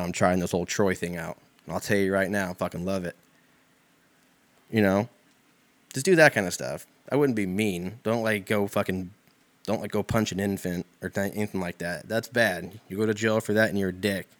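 Young dude riffing solo on a podcast, kinda low voice, swears a lot, rambles. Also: male voice. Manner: rambling, profane, laid-back with frequent fillers. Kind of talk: casual comedic monologue.

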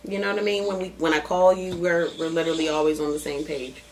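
A woman with a deep, steady voice talks quickly as she hosts a podcast, chatting frankly and profanely and often laughing through her stories. Background noise can be heard behind this casual conversation.

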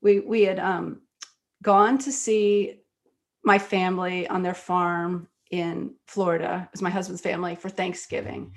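A woman guest, an author and screenwriter, talking in an interview and telling stories quickly and animatedly, with many fillers. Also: fairly low pitch, little pitch movement. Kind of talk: conversational interview storytelling.

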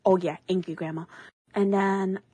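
A woman's voice: mid-range voice, normal speed, husky, no echo. A young woman co-hosting a podcast, telling a long story in a casual, rambling way and acting out what others said. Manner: rambling, animated, quotes others in their own voices. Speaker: podcast co-host.

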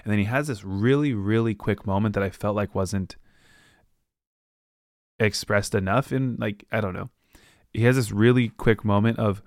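Male podcast host, low voice, dry close sound, loose rambling book chat. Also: darkish tone, no room sound. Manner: rambling, acts out characters with quick voices. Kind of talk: casual book recap monologue.

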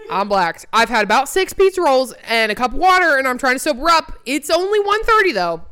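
A young woman co-hosting a podcast, telling a wild party story in profane, animated casual chat and acting out quotes. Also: high voice, a little fast. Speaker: podcast co-host.

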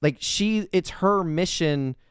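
Rambling man with smooth clear voice. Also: high voice, slow, no echo, clean studio sound. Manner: rambling, heavy filler words, animated bursts. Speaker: podcast co-host. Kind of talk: casual movie review chat.

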